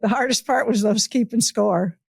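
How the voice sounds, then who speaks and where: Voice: mid-range voice, moderate pace, gravelly, breathy edge, no room sound. An interviewer with a mid-range voice reminisces about shared coaching years, laughing often between remarks. The questions are loose and friendly. The recording is dry and close. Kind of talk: casual interview.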